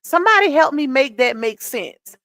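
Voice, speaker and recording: A woman's voice: sits high, animated, normal speed, bright, forceful tone, dry recording. Emphatic woman commentator, dry close mic. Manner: emphatic, rhetorical questions to viewers. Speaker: commentary streamer. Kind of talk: casual commentary.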